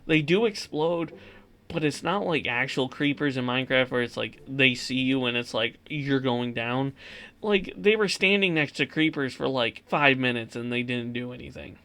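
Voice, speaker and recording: A young man hosting his own channel, giving a casual, exasperated movie review rant with laughs and sudden loud outbursts. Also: medium pitch, lively intonation, moderate pace. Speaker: channel host.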